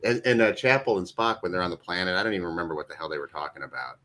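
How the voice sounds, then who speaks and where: A man chats casually on a podcast with a laid-back delivery. His voice is very deep, and his thoughts tend to trail off. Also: very fast, a bit bright. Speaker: podcast co-host. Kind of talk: casual chat.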